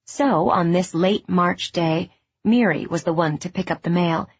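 Woman, audiobook narration, husky, dull lo-fi sound. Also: fairly low pitch, a little slow. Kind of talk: scripted narration.

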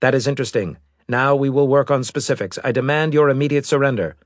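A man's voice: mid-range voice, fast, no room sound, clean studio sound, pitched above the performer's own voice, lightly acted. A man voicing a rigid alien robot that speaks in a stiff, formal, insistent way. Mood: demanding.

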